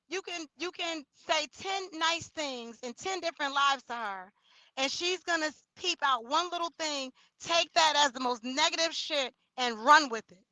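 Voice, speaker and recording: A high-voiced woman runs a casual livestream chat, talking loud and loose with slangy shout-outs to her viewers. Her voice is bright and forward, and the sound is close and dry, with no room around it. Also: no room sound, rough recording. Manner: loud, expressive, slangy, talks straight to viewers. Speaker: livestream host.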